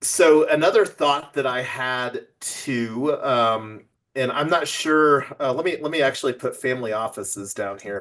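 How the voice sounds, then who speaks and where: A man's voice: mid-range voice, a little slow, a bit bright. A man hosting a casual online office-hours chat, rambling with many fillers and restarts. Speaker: project host.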